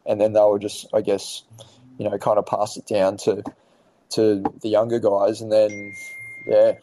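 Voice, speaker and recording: Mellow-voiced man telling stories. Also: on the low side, completely flat delivery, unhurried, rough recording. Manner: rambling, swears casually, many fillers and restarts. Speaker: podcast guest. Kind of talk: casual storytelling chat.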